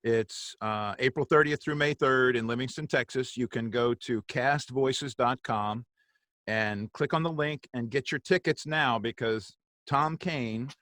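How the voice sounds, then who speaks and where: A man hosting a casual interview, enthusiastic and quick to laugh. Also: mid-range voice, a bit bright, dry recording. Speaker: podcast host.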